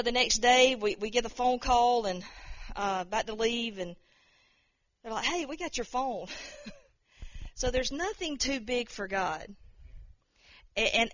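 A woman's voice: a little high, a bit bright, lo-fi sound. A woman giving an informal spoken testimony, rambling and repeating words, acting out the voices of people she quotes. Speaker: speaker sharing a testimony.

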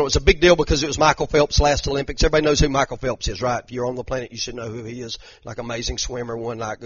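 Animated preacher, husky voice. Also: male voice, medium pitch, no echo. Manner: animated, dramatic retelling, frequent repeated "and"s, southern "y'all". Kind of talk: sermon. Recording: dull lo-fi sound.

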